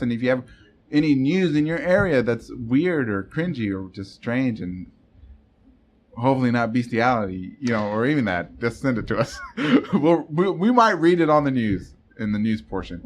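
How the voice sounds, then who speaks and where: A man hosting a casual podcast chat, joking loosely and laughing often. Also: mid-range voice. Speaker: podcast host.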